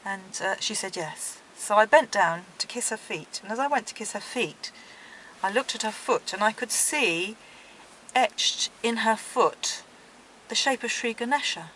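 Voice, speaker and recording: A middle-aged woman, interviewed, recounting her dreams in a gentle, earnest way. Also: medium pitch, expressive, a little slow, a little hiss or hum, rough recording. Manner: gentle, earnest storytelling with soft laughs.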